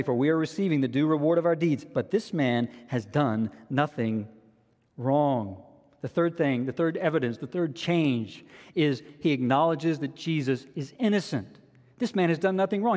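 Earnest preacher in a reverberant hall. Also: male voice, a little high, darkish tone. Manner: earnest, repeats key phrases for emphasis. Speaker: pastor. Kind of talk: preaching a sermon.

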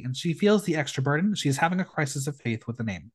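A man's voice: fairly high pitch, fast. A man hosting a podcast, recapping an episode in casual, sarcastic chat. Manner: sarcastic, animated, recaps the episode and mimics contestants. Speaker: podcast host.

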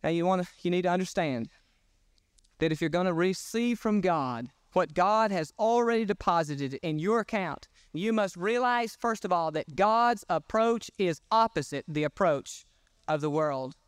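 A man's voice: sits high, animated, moderate pace, clean tone, no echo, clean studio sound. A man preaching a sermon at a church service, emphatic and folksy as he retells Bible stories. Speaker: pastor.

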